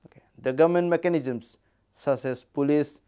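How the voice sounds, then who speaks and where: A man with an Indian English accent giving a measured academic lecture, reading from prepared text. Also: on the high side, mellow, clear, resonant tone.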